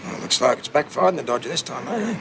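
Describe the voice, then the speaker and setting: A gravelly Australian crook. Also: male voice, a little high, expressive, fast, very noisy. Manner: blunt, mocking, swears freely. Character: hard, cocky Sydney crook in his forties. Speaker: criminal narrator and lead. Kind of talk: TV crime drama acting. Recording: music score underneath.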